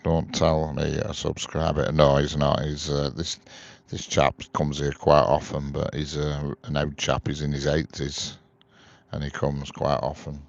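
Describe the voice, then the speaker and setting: A very deep, gravelly-voiced man chats outdoors on a live stream. His delivery stays flat and even as he reads out viewers' comments and answers them one by one. The stream audio is a little dull and lo-fi. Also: measured pace, dry recording. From England. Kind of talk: casual live-stream chat. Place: outdoors beside a railway line.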